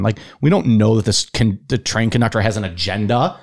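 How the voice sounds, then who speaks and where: A man's voice: fairly low pitch, expressive, a little fast, vocal fry. A man co-hosting a podcast, talking in an earnest, casual way. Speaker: podcast co-host. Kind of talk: casual chat.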